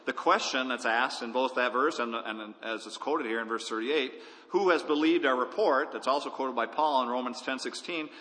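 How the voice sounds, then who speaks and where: Pastor guy preaching hard, bright ringing voice, big echoey church hall. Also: medium pitch, moderate pace, hardly any pauses. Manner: earnest, pleading, emphatic preaching. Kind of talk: sermon. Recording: hall reverb.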